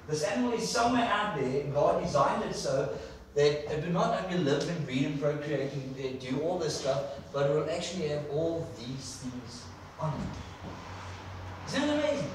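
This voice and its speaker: A man with a voice on the high side preaches an enthusiastic sermon in church, repeating words for emphasis. He's recorded from far off in an echoey church hall, with slight background noise.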